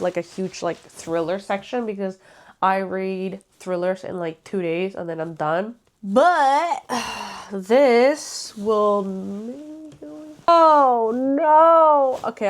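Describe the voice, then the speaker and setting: Chatty woman. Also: mid-range voice. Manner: chatty, playful, swears casually, talks to viewers. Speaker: book vlogger. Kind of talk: casual chatty vlog.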